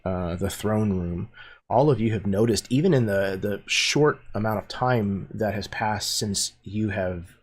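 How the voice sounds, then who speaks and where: Slow, husky-voiced man narrating a game. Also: fairly low pitch. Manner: descriptive, unhurried, with many fillers. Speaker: game master.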